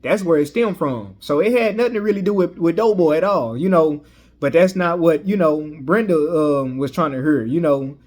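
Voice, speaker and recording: A man's voice: fairly high pitch, normal speed, darkish tone. A man reviewing a movie in a casual recap, rambling with frequent "you know" fillers and restarts.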